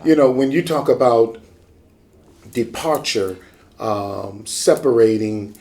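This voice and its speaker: Enthusiastic pastor hosting an interview. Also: male voice, medium pitch, slow, a little mellow. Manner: enthusiastic, affirming, preacher-like exclamations. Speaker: pastor and show host. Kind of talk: conversational interview.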